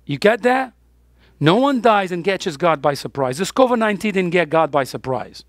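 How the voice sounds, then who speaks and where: A man's voice: high-pitched, animated, normal speed, fairly bright tone, dry recording. A man preaching a sermon as pastor, emphatic, with his voice rising on the key points.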